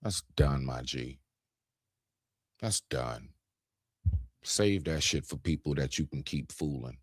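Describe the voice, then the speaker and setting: A man's voice: a bass voice, takes it slowly, slightly rough, no room sound, studio quality. A man co-hosting a talk stream, arguing his point in a heated, emphatic casual debate. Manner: animated, confrontational, emphatic, demonstrates raising his voice.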